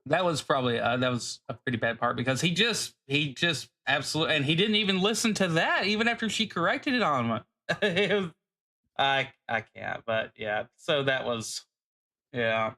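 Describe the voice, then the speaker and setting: Male podcast co-host, bright and forceful voice, wandering delivery. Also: on the high side, lively intonation, moderate pace. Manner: meandering, filler-heavy. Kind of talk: casual podcast chat.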